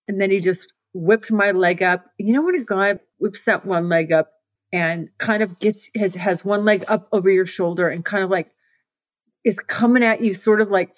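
A woman's voice: lowish voice, dry recording. A woman hosting a podcast, telling a candid personal story in a frank, breathless way with many restarts. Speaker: podcast host.

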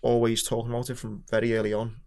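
A man with a Scouse accent talks fast and frankly as a podcast guest. His pitch stays fairly even, and dark humour runs through his story. His tone is casual and open. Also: creaky. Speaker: podcast guest, former Royal Marine. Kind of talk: casual chat.

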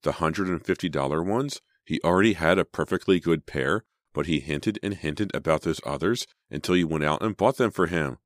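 A man's voice: deep voice, moderate pace, hardly any pauses, no echo, natural voice. A man voicing a suspicious, insistent teenage girl who keeps pressing her accusation.

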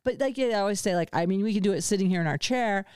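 A chatty woman hosts a podcast with a smooth, clean voice and a nurse's frankness. She talks in an easygoing way and laughs often. The sound is dry and close, with no room behind it. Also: mid-range voice, very fast, darkish tone, no echo. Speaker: podcast host. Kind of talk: casual conversational chat.

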